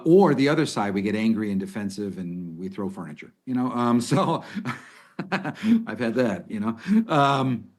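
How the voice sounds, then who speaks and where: A middle-aged man talking as an expert guest, giving conversational advice and acting out example lines as he goes. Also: mid-range voice. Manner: animated, restarts sentences, acts out example lines. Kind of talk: conversational advice in a podcast interview.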